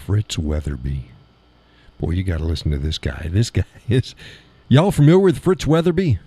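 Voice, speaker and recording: A man hosting a live stream in casual chat, playful and quick to laugh, toying with how words sound. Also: sits low, lively intonation, mellow, breathy edge. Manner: chatty, playful, laughs often, toys with word sounds.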